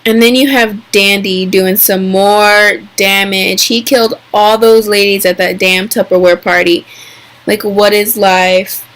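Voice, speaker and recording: A young woman recapping a TV episode in a casual vlog, chatty and excitable, full of fillers and quick mimicked asides. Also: mid-range voice.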